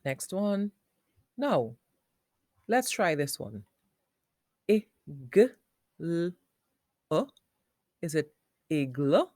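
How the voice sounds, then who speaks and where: Slow, patient woman teaching phonics. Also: low voice, very animated, dry recording, studio quality. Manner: slow, sounds words out in parts. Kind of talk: phonics lesson for young children.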